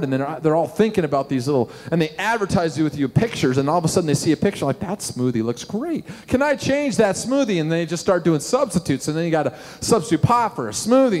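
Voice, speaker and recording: A middle-aged man, a pastor preaching a sermon and telling animated stories with questions to the congregation. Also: a little high. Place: church sanctuary. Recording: long hall reverb.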